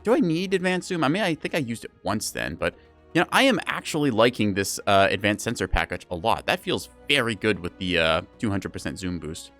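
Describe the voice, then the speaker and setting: A man's voice: fairly low pitch, very animated, fairly quick, fairly bright tone, soft background music. A man streaming a game live, chatting casually and playfully with his chat in a rambling, self-mocking way. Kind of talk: casual live gameplay commentary.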